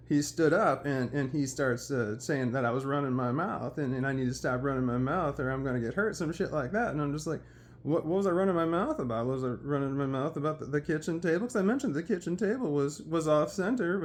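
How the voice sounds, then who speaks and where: A man casually telling a personal story, animated and acting out what others said. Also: a little high. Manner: animated, quotes others in dialogue.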